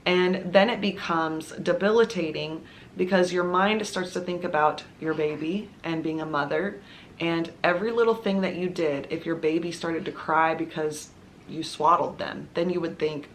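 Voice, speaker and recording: A woman's voice: fairly low pitch, moderate pace, a little hiss or hum. A woman vlogging at home, telling her own story to camera in an earnest, confiding, conversational way. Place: at home with her baby nearby.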